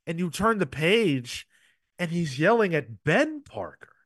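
A man's voice: on the high side, expressive, a little slow, fairly bright tone, no echo, studio quality. A man hosting a casual comic book review show, retelling scenes with animation and little acted-out quotes. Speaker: podcast host.

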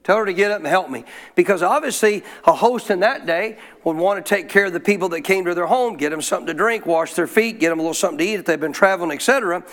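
A man's voice: high-pitched, fast talker, a bit bright. A man preaching a sermon as pastor, quoting scripture and calling for responses from the congregation.

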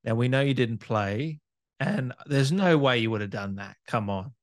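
A man hosting a relaxed interview, his pitch swooping up and down. He teases his guest playfully and praises her with open enthusiasm. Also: moderate pace. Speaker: podcast host. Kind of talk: casual interview.

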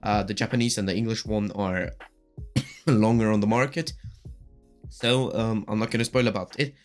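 A man's voice: fairly low pitch, fairly even intonation, normal speed, darkish tone, soft background music. A man hosting a casual solo podcast, gushing and rambling with lots of fillers while his voice keeps cracking. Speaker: podcast host.

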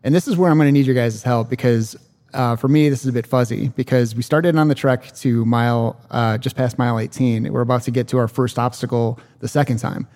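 A man talking in a halting, hesitant way in casual conversation, with many fillers. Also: medium pitch, steady tone, darkish tone. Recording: room with long reverb.

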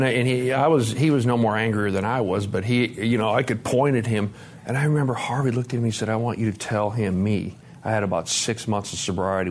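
A middle-aged man speaking at a recovery meeting, blunt and self-mocking, with a middle pitch. He swears now and then. On hard truths he sinks into a soft, low voice. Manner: candid, self-deprecating, swears freely; drops to a quiet low voice on heavy points. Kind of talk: personal testimony talk. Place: conference meeting room with live audience.

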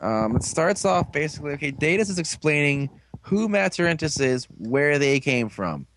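A man's voice: fairly high pitch, big pitch swings, normal speed, fairly bright tone, slight background noise. A young man co-hosting a casual recap podcast, rambling and crude with a sarcastic edge. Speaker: podcast co-host.

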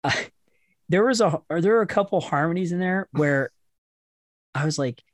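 A man's voice: fairly high pitch, animated, moderate pace, pauses often, no echo, clean studio sound. A man hosting a podcast who chats casually, swears freely and tells rambling anecdotes about his kids. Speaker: podcast host.

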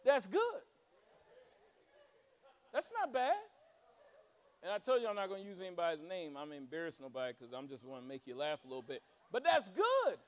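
A man's voice: sits high, huge pitch swings, moderate pace, long pauses, some chatter behind, slight background noise. A man. He swings from fervent exhortation to playful, joking asides. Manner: preaching with rising fervor and humorous asides. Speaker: pastor. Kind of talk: sermon.

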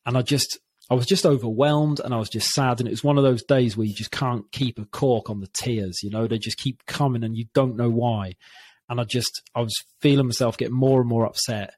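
A man in his thirties talks candidly in an interview, reflective and open, often stopping to restart his sentences. His mid-range voice is husky, with a slight rasp. The recording is close and dry. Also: mid-range voice, steady tone, brisk, darkish tone, no echo. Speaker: guest.

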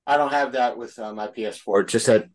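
A man's voice: medium pitch, fast talker. A man co-hosting a podcast, chatting casually and joking over a video call. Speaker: podcast co-host. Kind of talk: casual chat.

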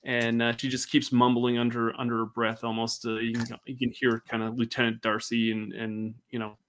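A man's voice: mid-range voice, flat delivery, normal speed, a bit bright, slight background noise. A man narrating as game master of a tabletop game, rambling, with many fillers and restarts.

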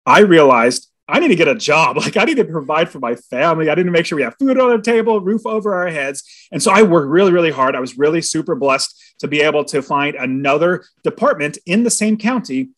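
Animated man telling a personal story. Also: on the high side, fairly quick, hardly any pauses. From California. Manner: animated storyteller, acts out quotes and inner thoughts. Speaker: podcast guest. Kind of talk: personal storytelling in a podcast interview.

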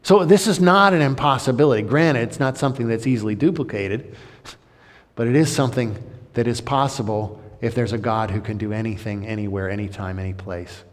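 A male pastor preaching a sermon, dramatic, swinging between loud, high outbursts and hushed, low passages. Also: a little fast. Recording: long hall reverb.

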